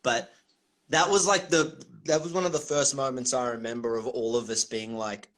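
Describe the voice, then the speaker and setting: A man's voice: medium pitch, steady tone, normal speed, fairly bright tone. An Australian man, a comedian guest, telling rambling stories in a casual interview, swearing freely and laughing often. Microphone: video call.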